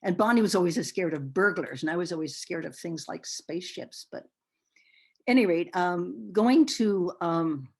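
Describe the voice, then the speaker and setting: An older woman telling her life story in an oral history interview, expressive and animated, often pausing with fillers. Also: on the low side, vocal fry, slightly rough.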